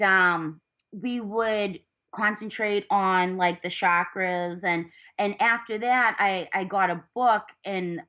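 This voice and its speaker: A woman's voice: medium pitch, a bit bright. A woman in her thirties, a podcast guest chatting casually into a laptop mic, rambling with lots of fillers and frank swearing. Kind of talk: casual chat. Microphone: laptop microphone.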